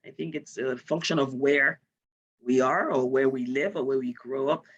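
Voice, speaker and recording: A woman's voice: extremely low pitch, normal speed, husky, muffled recording. A woman from Nigeria, giving an online lecture and explaining with example sentences.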